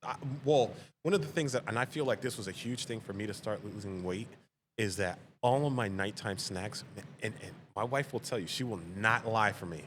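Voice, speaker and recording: A man with a fairly low voice chats casually as a podcast guest. He tells animated stories and acts out what his family says, with frequent laughter. Faint noise sits under the recording. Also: normal speed. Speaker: podcast guest, veteran father.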